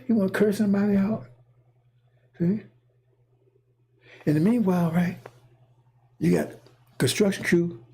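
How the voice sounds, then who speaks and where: A man with a high, expressive voice, darkish with a breathy edge, speaks at a moderate pace with long pauses. His prophetic monologue is casual and repetitive, and he keeps asking listeners "see?" and "right?".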